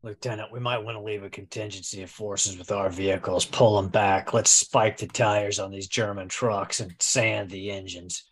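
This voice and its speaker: A man voicing a gruff, blunt male army officer who barks clipped orders. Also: on the low side, fairly even intonation, moderate pace, hardly any pauses. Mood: commanding.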